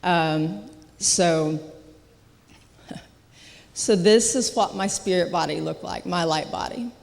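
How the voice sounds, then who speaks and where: Slow, earnest testimony speaker at a church service, mid-pitched and halting, heard with long sanctuary reverb. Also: creaky. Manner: halting, earnest, with frequent restarts and soft laughs. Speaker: guest speaker sharing a testimony.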